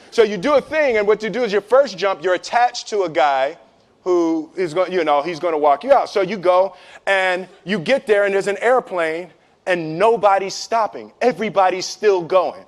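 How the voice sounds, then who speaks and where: A middle-aged man telling a story to an audience in a casual, animated way, acting out voices and laughing as he goes. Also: sits high, moderate pace. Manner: casual, many fillers and repeats.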